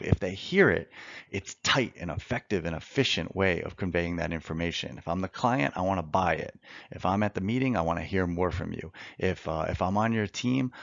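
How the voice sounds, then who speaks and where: A man with a very low, gravelly voice teaches mock trial in a recorded lecture. He is earnest and emphatic, repeating phrases for effect and pacing himself deliberately. The sound is dry and a little dull. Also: no echo. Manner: works to slow down a fast natural pace.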